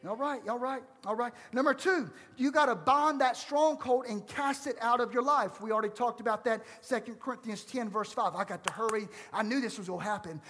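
A man preaching in a church, his voice sitting very high for a man. He talks to the congregation directly, swinging between loud exhortation and quiet asides. The sound carries a long, ringing reverb from the sanctuary. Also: brisk, few pauses. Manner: fervent, call-and-response preaching, swinging between loud and hushed. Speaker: pastor. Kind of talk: sermon.

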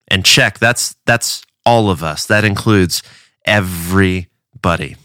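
A man's voice: deep voice, unhurried, bright, forceful tone, no room sound, clean studio sound. A man from a church giving a casual devotional talk, earnest and conversational, often restarting his words.

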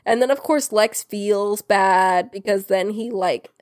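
A young woman co-hosting a book chat, talking casually and sarcastically, acting out characters in quick quotes. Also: mid-range voice, a little mellow. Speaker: book podcast co-host.

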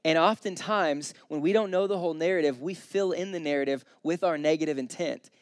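A young man with a fairly high voice preaches in a relaxed, chatty way. He tells stories and briefly voices their characters. The sound is close and dry. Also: brisk, no room sound. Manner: casual, storytelling, voices the people in his stories. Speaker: pastor. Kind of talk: conversational sermon.

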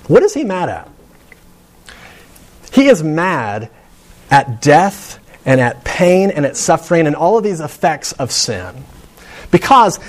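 A young adult man, a pastor, preaching a sermon in a conversational way, building emphasis and slowing down on key words. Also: a little high. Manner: conversational preaching with rising emphasis and slow dramatic pauses.

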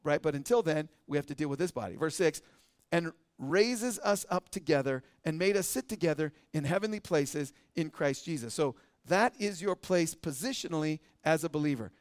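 A man with a high voice teaches a church service in an earnest, conversational way, checking in with his listeners with a frequent "right?". He slows down to read scripture deliberately. The sound is dry and close, with no room echo. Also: expressive, clear, resonant tone. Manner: reads scripture slowly and deliberately. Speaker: pastor teaching a midweek service.

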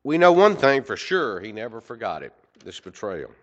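A man preaching a sermon, swinging from loud emphasis to quiet asides. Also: medium pitch, big pitch swings, moderate pace. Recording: dull lo-fi recording.

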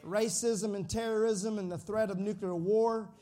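A man's voice: high-pitched, normal speed, soft background music. A pastor preaching a sermon, joking with the congregation and calling out for them to repeat his words. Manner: lively, joking with the congregation, calls for responses.

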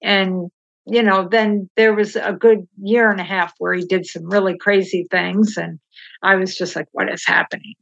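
A middle-aged woman, a podcast guest, telling candid personal stories in an animated way and acting out the dialogue. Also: medium pitch, moderate pace, gravelly. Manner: animated, acts out quoted dialogue, laughs while telling. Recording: slightly dull, lo-fi sound.

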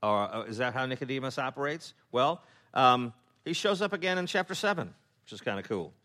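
A man preaching a sermon as a pastor, acting out biblical characters with laughing asides and dropping to a hush on solemn points. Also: medium pitch. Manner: animated storytelling, acting out voices of biblical figures, laughing asides; drops to a hushed, slow tone on solemn points.

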